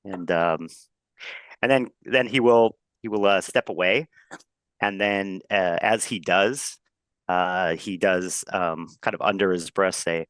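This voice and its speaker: A man's voice: deep voice, measured pace, fairly bright tone, dry recording. A man playing a tabletop role-playing game, talking in a rambling way full of fillers. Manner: rambling, many fillers and restarts. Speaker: player. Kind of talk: tabletop role-play chat.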